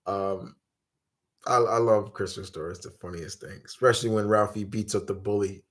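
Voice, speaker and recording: A man's voice: fairly low pitch, fairly even intonation, normal speed. A man in his forties, hosting a live Q&A stream and rambling through casual chat full of fillers and restarts. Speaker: host.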